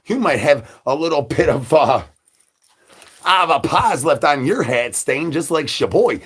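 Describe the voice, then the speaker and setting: Husky man rambling as a hungry zombie. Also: mid-range voice, animated, measured pace, fairly bright tone. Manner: repetitive sing-song catchphrases, crude jokes. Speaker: livestream host. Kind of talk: rambling livestream banter in a hungry zombie persona.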